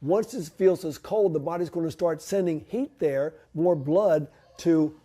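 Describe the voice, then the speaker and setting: A man's voice: on the high side, measured pace, dark tone. A man giving a conversational church health talk on home remedies, asking and answering his own questions. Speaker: health presenter. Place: church hall.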